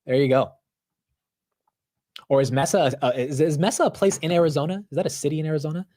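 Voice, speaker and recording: A man hosting a live market stream, talking loudly and animatedly in casual commentary, often poking fun at himself. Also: a little high, fast. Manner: loud, animated, self-mocking. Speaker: livestream market show host.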